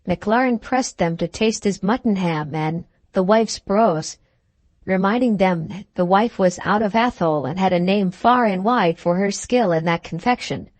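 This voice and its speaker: A woman narrating an adventure novel audiobook in a steady, measured reading. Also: medium pitch, dry recording.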